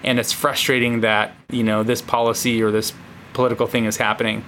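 Man co-hosting a relaxed talk podcast. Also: mid-range voice, a little fast, slight background noise. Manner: reflective, joking. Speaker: podcast co-host. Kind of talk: casual conversational podcast.

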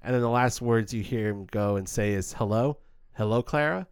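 A man casually reviewing a film as a podcast co-host, animated and acting out quoted lines. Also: fairly low pitch, brisk, clear, resonant tone, no echo, clean studio sound.

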